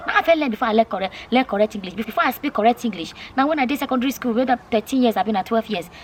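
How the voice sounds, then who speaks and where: A woman's voice: fairly high pitch, expressive, very fast, slight background noise. A Nigerian woman vlogging to camera, chatting casually, repeating her points and asking viewers questions. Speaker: YouTube vlogger.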